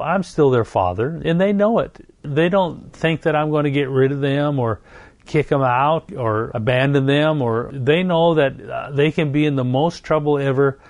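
A middle-aged man preaching a sermon, earnest and warm in his repetition, slowing down to stress each phrase. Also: medium pitch, no echo. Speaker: pastor.

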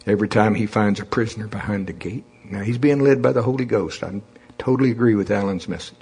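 A man's voice: on the low side, fast talker, a little mellow, husky. A man preaching a sermon in a folksy, conversational way, calling on the congregation to repeat after him.

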